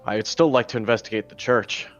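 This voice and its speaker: A man taking part as a player in a tabletop role-play, speaking in a calm, measured way. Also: mid-range voice, faint music behind. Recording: dull lo-fi mic.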